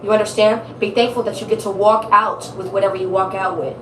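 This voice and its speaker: A woman's voice: medium pitch, fairly even intonation, fairly quick, roomy sound, distant mic, crowd noise, rough recording. A woman giving a casual tarot reading, blunt, emphatic and profane, repeating her points for stress. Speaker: tarot reader.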